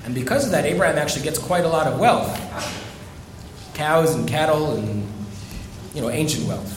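A man, a rabbi, giving a storytelling sermon, delivered with dramatic pauses. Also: fairly high pitch, lively intonation, echoey room, noisy background.

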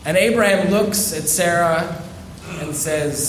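Man, rabbi, storytelling sermon, dramatic pauses, higher voice, echoey room. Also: expressive, a little hiss or hum.

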